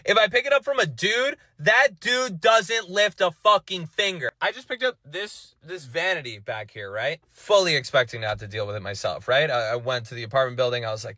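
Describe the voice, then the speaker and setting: A man's voice: a little high, lively intonation, a little fast, few pauses, sharp tone, no room sound, studio quality. A man doing comedic monologue clips, sarcastic and ranting, with frequent profanity.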